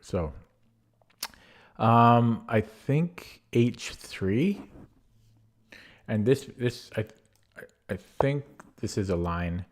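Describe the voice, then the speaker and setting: A man's voice: mid-range voice, animated, very slow, pauses often. A man commentating his own online chess games casually, thinking aloud with many fillers and restarts, his voice getting worn out. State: losing his voice. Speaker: chess streamer.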